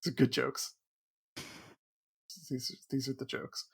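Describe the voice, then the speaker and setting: Gravelly, wry man co-hosting a podcast. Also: medium pitch, slow, a little hiss or hum. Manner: wry, deadpan jokes, runs the segments. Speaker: podcast co-host. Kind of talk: casual podcast chat.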